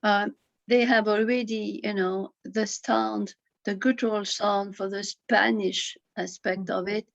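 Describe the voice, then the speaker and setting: Hesitant woman student with a gravelly voice, recorded dry. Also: medium pitch, steady tone, unhurried, no room sound, highs cut off. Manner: hesitant, searches for words. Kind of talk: class discussion.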